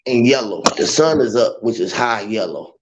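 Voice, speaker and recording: A man hosting a casual livestream, rambling loudly and mockingly mimicking greetings. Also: fairly low pitch, lively intonation, moderate pace. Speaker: livestream host. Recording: muffled lo-fi audio with faint hiss.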